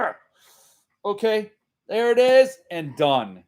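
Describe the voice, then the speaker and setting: Male host, casual live chat, unhurried and self-deprecating, slightly higher voice. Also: expressive. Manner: rambling, self-mocking, laughs often.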